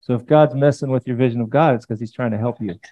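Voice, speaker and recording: A man's voice: mid-range voice, fast talker, highs cut off. A man preaching a sermon in a provocative, conversational way with mocking asides. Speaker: pastor.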